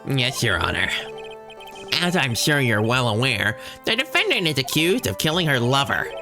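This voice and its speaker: A man's voice: mid-range voice, wildly swooping pitch, moderate pace, over music. A man voicing a smug, condescending veteran male prosecutor in a game playthrough.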